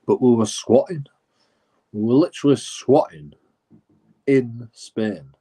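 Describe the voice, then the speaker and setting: A man's voice: mid-range voice, takes it slowly, warm tone, breathy edge. A man telling a rambling, sweary story as a streamer, full of restarts and asides. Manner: rambling, sweary, lots of "you know" and restarts. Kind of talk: casual storytelling.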